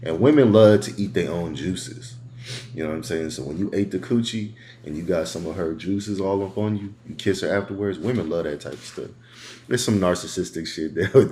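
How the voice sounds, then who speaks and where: A man giving crude bedroom advice in a slow, laid-back casual monologue, heavy on street slang. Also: sits low, warm tone, a little hiss or hum. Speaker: dating advice host.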